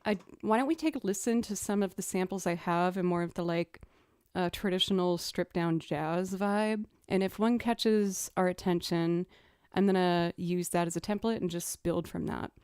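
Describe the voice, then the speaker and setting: A young woman musician chatting casually as she builds a music loop, thinking out loud and making fun of her own mistakes. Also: on the low side, moderate pace, clear, resonant tone, no room sound, clean studio sound. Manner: chatty, thinks aloud, self-deprecating. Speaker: musician streamer. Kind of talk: casual chat while producing music. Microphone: studio mic.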